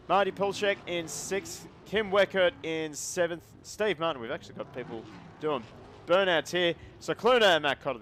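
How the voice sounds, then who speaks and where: A man's voice: on the high side, noisy background. A man giving casual live sim racing commentary as host of the stream, chatty and joking with the viewers. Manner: chatty, joking, talks to chat.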